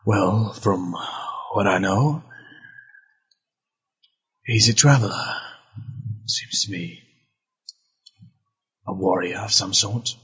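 Slow, raspy-voiced game player. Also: male voice, fairly low pitch, a bit bright. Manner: slow, halting, hesitant speech. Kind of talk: tabletop role-play chat. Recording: muffled lo-fi audio.

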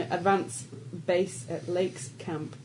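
A woman's voice: lowish voice, fairly even intonation, drawn-out words, a little mellow, slight background noise, rough recording. A woman takes over as game master and reads the scenario in a casual, teasing way. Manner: casual, teasing, laughs while reading. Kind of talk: reading out a tabletop game scenario.

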